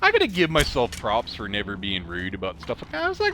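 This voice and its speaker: A man's voice: mid-range voice, wildly swooping pitch, quick pace, pushed and bright, a little hiss or hum. A man with a Canadian accent and a southern drawl, rambling through a story while playing a game, laughing often and adding snarky asides. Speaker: let's play streamer.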